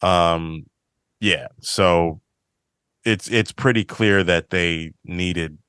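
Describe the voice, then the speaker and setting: A man's voice: low voice, very slow, fairly bright tone, clean tone, no room sound, studio quality. A man hosting a podcast, casually retelling scenes from a TV episode and quoting the characters' lines. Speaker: podcast host. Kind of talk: casual chat recapping a TV episode.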